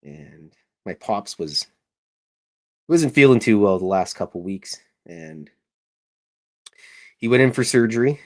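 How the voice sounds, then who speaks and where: Deep-voiced man rambling while he draws. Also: expressive, slow pace, long pauses. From Canada. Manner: joking, self-deprecating, meandering. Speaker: podcast host and cartoonist. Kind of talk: casual rambling chat while drawing.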